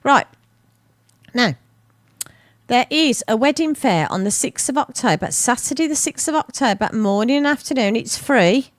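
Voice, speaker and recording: A woman's voice: on the high side, expressive, moderate pace, no room sound. A woman, presenting a local radio show in a rambling, chatty way, interrupting herself with asides. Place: radio studio. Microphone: studio microphone.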